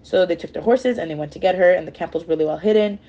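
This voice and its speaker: A woman's voice: lowish voice, fast, mellow, highs cut off. A woman casually retelling chapters of a novel in a rambling way, full of fillers and self-corrections. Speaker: storyteller.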